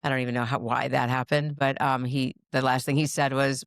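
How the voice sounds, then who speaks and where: A woman's voice: rumbling low, flat delivery, brisk, no room sound, studio quality. A middle-aged woman telling a family story in casual chat, rambling with restarts and frequent laughs. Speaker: guest, mother of the host. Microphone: podcast mic.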